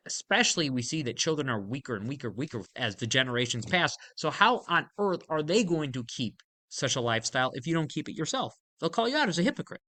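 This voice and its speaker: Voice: medium pitch, bright, forceful tone. A Torah teacher giving an emphatic, explanatory lesson on a verse, with casual fillers along the way.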